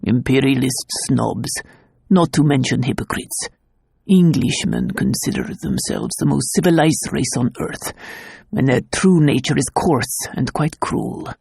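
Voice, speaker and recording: A woman voicing a gruff, protective middle-aged uncle in an audiobook, speaking gravely and bluntly. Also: wildly swooping pitch, unhurried, mellow, dry recording, studio quality, heavily acted. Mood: stern. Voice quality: low, gravelly and husky. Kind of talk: audiobook character voice.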